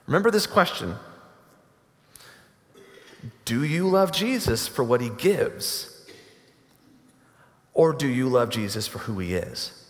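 A man preaching a sermon to a congregation, earnest and emphatic, building to forceful climaxes. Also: medium pitch, big pitch swings, slow, long pauses. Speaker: pastor. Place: church sanctuary. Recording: long hall reverb.

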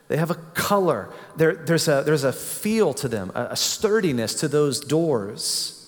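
A man preaching a sermon, slow and reflective, repeating his phrases for emphasis. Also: fairly high pitch. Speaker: pastor. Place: church building. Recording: long reverb of a church hall.

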